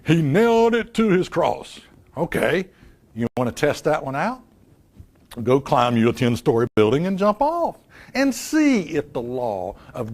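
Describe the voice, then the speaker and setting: A man preaching a live sermon, emphatic, asking rhetorical questions and repeating key lines. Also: medium pitch. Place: live church service.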